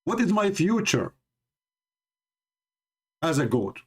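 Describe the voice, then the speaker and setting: A jealous female goat whines about her future in a mocking, exaggerated complaint, as a man with an Arabic accent puts her on. The voice sits higher than his usual talk and stretches the words out slowly. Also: very animated, breathy edge, full character voice. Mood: whining.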